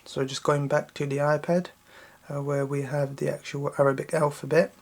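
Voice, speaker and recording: A man teaching children to recite a Quran chapter, explaining letter sounds slowly and often checking in with "yeah?". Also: monotone, creaky. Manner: slow, repetitive explaining with frequent checking "yeah?"; intones Arabic verses louder and higher when reciting. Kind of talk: patient recitation lesson for children.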